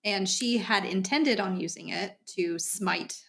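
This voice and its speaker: A woman co-hosting a relaxed book conversation. She chimes in with story details and reacts openly to the sad parts, in a plain, friendly speaking voice. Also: medium pitch, measured pace, creaky. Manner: conversational, reacts to emotional scenes. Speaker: book podcast co-host. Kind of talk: casual book discussion.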